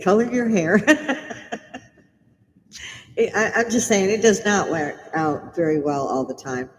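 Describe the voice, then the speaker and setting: A woman's voice: sits low, darkish tone, long reverb tail, a little hiss or hum, rough recording. A middle-aged woman from Britain hosting a casual livestream from her home bar, blunt and swearing as she rants. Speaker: live stream host.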